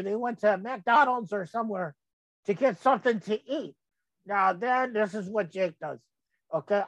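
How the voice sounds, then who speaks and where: A man's voice: high-pitched, fairly bright tone, no room sound, low-quality recording. An older man hosting his own show, rambling in a folksy way as he comments on photos. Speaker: podcast host.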